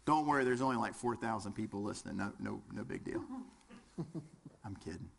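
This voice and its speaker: A man's voice: fairly low pitch, animated, fairly quick, vocal fry, a little hiss or hum. A man with a Southern US accent teaching a fire service class, quizzing the audience and joking as he goes. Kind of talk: lecture with audience participation.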